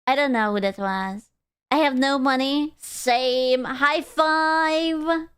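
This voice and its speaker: Young female streamer, high smooth voice, unhurried, playful and bawdy. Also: a bit bright, no echo. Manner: playful, giggly, loose and crude. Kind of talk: casual stream chat reading chat.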